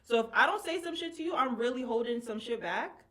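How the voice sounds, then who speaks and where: A woman's voice: a little high, animated, fairly quick, bright, forceful tone. A woman hosting a casual podcast, talking bluntly and candidly, with frequent swearing. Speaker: podcast host. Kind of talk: casual chat.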